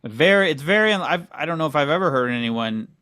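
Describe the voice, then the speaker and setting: A man's voice: on the high side, expressive, a little fast, pushed and bright, smooth, no echo, studio quality. Skeptical straight-man podcast host. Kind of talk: casual comedic chat.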